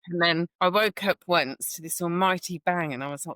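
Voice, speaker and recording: A woman's voice: on the low side, moderate pace, fairly bright tone, dry recording. A woman who works in birth, giving firm, matter-of-fact advice in a podcast interview and acting out short dialogues. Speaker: birth worker.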